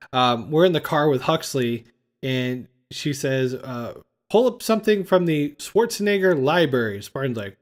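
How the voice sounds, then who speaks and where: A man hosting a casual movie-review podcast, recapping scenes and acting out lines. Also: on the high side. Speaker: podcast host.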